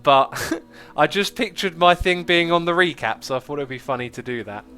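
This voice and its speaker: A man hosting a casual gameplay livestream, chatting, thinking out loud and answering viewer comments. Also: fairly high pitch, lively intonation, normal speed. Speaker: livestream host.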